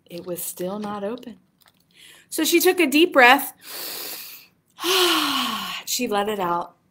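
Slow, animated storytime librarian woman. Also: medium pitch. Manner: animated, sing-song, talks to young children. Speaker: children's librarian. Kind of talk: children's storytime reading.

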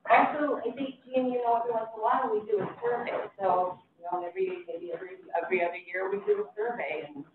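A woman's voice: mid-range voice, fast, hardly any pauses, noisy background. A woman block captain talking at a community meeting, rambling with fillers and restarts, her voice throaty in the morning. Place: city meeting room. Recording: echoey hall, far from mic, phone-like.

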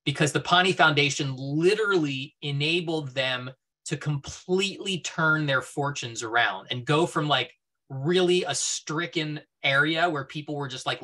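Bright-voiced man telling travel stories. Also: mid-range voice. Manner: enthusiastic storytelling, heavy on "like" and "you know". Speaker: guest speaker. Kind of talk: casual presentation talk.

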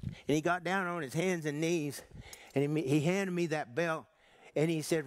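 A man preaching a sermon, telling a personal story in a folksy, halting way with many restarts. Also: on the high side, steady tone. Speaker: pastor.

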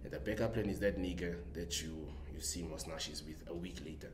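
A man with a lowish voice jokes and rambles through a casual group chat, laughing easily as he talks. The room sounds echoey, and there is a faint hiss of noise behind him. He is from Namibia. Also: a little fast. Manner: joking, rambling, lively laughter. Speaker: podcast panelist.

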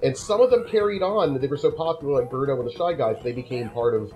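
A man's voice: mid-range voice, fast, a little mellow, soft background music, low-quality recording. A man hosting a let's play, chatting casually and explaining the plot of the game as he plays.

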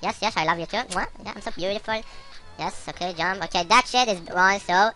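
A woman commentating a video game she is playing, excitable and shouting curses at it. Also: medium pitch, a little fast, soft background music. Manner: excitable, yells and swears at the game. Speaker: let's-play gamer.

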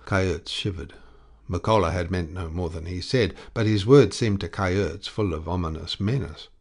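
A man narrating a classic short story as an audiobook, in a measured, deliberate way. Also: deep voice. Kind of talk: scripted narration.

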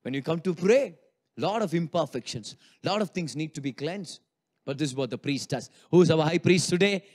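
A male pastor preaching a sermon in an animated way, playfully acting out what people think during worship. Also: fairly high pitch, moderate pace. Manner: animated, acts out congregants' inner thoughts with humor.

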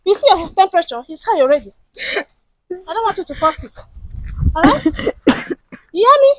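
A young Nigerian daughter, played by a woman pleads again and again for her mother's forgiveness in a fairly high voice. Her tone turns soft and soothing. The sound is dry and close. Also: very animated, normal speed, no echo, exaggerated voice, low-quality recording. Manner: begging, soothing, repetitive pleas. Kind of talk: Nollywood-style skit acting.

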